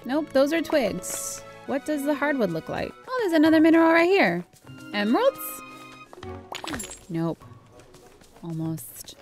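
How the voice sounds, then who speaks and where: A woman's voice: sits high, big pitch swings, unhurried, long pauses, a little mellow. A woman in her thirties giving casual, chatty gameplay commentary, giggling and exclaiming at what she finds. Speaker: game streamer. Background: faint game music.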